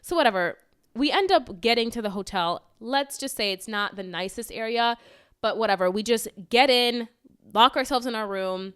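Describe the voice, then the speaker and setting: A woman's voice: on the high side, expressive, moderate pace, fairly bright tone, clear, resonant tone. A young woman co-hosting a podcast, telling a travel story in casual chat, swearing freely and talking animatedly. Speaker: podcast co-host.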